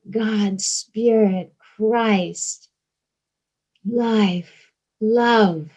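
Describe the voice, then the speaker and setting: A middle-aged woman with a Georgia accent, giving a reflective spiritual talk in short phrases with long pauses, often dropping to a hushed whisper. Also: mid-range voice, poor audio. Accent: Georgia (US South). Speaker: spiritual teacher.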